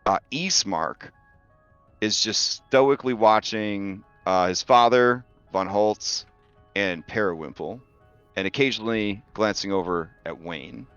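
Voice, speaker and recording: A man narrates a tabletop game as game master, slow and halting. His voice is smooth and clear. The sound is dry and a little dull, with faint music behind him. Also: on the low side, a bit bright, no room sound.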